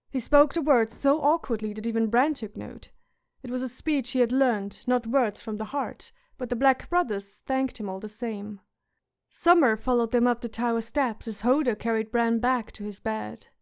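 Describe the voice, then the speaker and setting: A woman narrating a fantasy audiobook in a steady storytelling manner. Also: a little high, moderate pace. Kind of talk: scripted narration.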